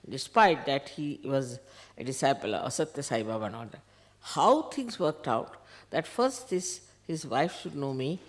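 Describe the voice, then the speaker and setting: Older indian lady retelling a story, low voice that jumps around a lot, quotes everyone. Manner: animated retelling, quoting others in dialogue. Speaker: spiritual teacher. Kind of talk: storytelling talk. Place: ashram hall.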